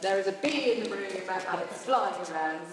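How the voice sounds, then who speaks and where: A woman leading a choral workshop, guiding a group through playful vocal warm-ups with encouragement and sudden leaps in pitch. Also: animated, moderate pace, slight background noise. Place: large hall with a group. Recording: echoey hall from far off.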